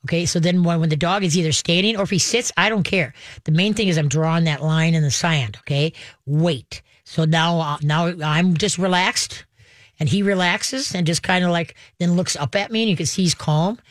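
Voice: mid-range voice, normal speed, no echo. Chatty radio dog trainer, dry close sound. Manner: chatty, step-by-step instructions, acts out dog and owner voices. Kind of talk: call-in radio advice.

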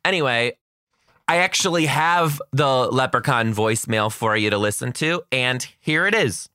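A man's voice: medium pitch, expressive, normal speed, sharp tone, clean tone, no echo, studio quality. A man in his thirties telling a funny story in a chatty, self-mocking way. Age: 30s. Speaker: podcast host, kindergarten teacher. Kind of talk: casual storytelling.

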